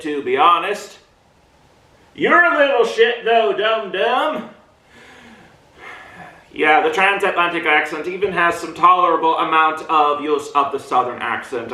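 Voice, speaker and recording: A man from Minnesota talks through a film review in a slow, meandering way, wandering into asides. His voice sits high and sounds bright. He is heard from some distance in a roomy, echoing space. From Minnesota, USA. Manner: rambling, drifts into tangents and asides. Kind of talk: casual rambling film review monologue. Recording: roomy echo, mic at a distance.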